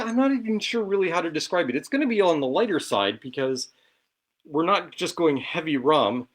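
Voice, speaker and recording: A man's voice: a little high, big pitch swings, moderate pace, fairly bright tone. A man hosting a casual cocktail show from his home bar, chatty and self-deprecating as he talks through each step while mixing.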